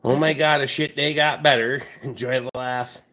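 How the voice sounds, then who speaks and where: A man's voice: medium pitch, steady tone, moderate pace, sharp tone. A man hosting a livestream, cracking crude jokes and swearing in casual banter. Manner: joking, crude, swears freely. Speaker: livestream host.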